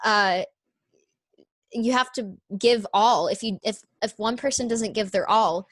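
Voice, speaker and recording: A woman chatting casually as a guest, lively and quick to laugh. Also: medium pitch, no room sound. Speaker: podcast guest. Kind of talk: casual chat. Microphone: video call.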